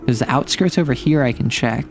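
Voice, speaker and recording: A man's voice: medium pitch, a little fast, faint music behind. A man streaming a game and talking through it in a playful, chatty way, reacting to everything with big, exaggerated responses. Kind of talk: casual game commentary.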